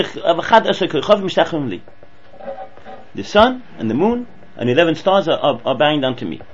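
A man giving an excitable Torah lesson, often repeating and restarting words, on a dull lo-fi recording with hum. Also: fairly high pitch. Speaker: Torah teacher.

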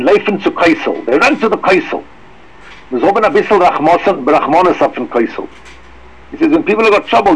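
A man giving an emphatic religious lecture, sprinkling in Hebrew and Yiddish terms, with sudden high swoops for emphasis. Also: creaky, husky, low-quality recording. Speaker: rabbi giving a talk. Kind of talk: Torah lecture.

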